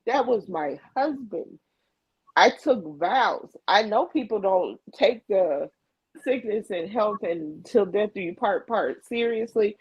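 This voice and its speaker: A woman's voice: medium pitch, animated, slow pace, slightly rough, dry recording, lo-fi sound. A middle-aged woman co-hosting a livestream in candid conversation, emphatic and repeating phrases to drive her point home. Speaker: livestream co-host. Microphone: video call mic.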